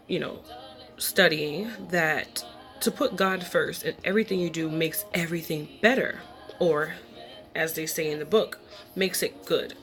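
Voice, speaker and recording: A woman's voice: low voice, fairly bright tone. A woman hosting her own online show, talking in a chatty, rambling and upbeat way. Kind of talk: casual vlog monologue.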